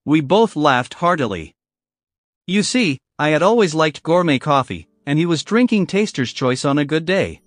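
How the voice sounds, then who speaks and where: A man narrating a first-person story in a scripted, measured storytelling manner. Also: fairly high pitch, animated, no room sound, studio quality.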